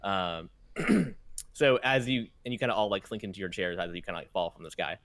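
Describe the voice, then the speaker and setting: A young man with a low, fairly quick, slightly bright voice is running a tabletop game as game master, recorded with no echo. He rambles through his narration, full of fillers and restarts, and laughs at himself.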